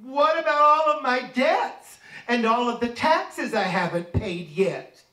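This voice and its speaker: Brief: a man doing a blustering old male politician impression, slow and whiny. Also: very high-pitched, sing-song, heavily acted. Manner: yelling, whining. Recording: echoey room, voice from a distance.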